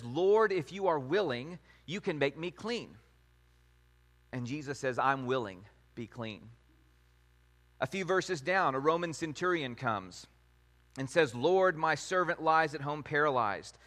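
A man teaching a sermon in a measured way, reading scripture passages aloud. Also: fairly high pitch, sharp tone. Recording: long hall reverb.

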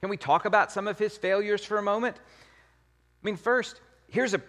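A man's voice: high-pitched, a little slow, pauses often, a bit bright, long reverb tail. A man preaching a sermon as pastor, in a conversational, emphatic way with many rhetorical questions.

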